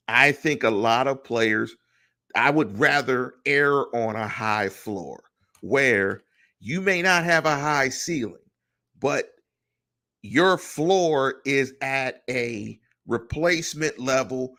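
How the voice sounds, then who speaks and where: Animated middle-aged man hosting a podcast. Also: mid-range voice, gravelly. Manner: animated, rhetorical questions to listeners. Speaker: podcast host. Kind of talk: solo sports podcast commentary.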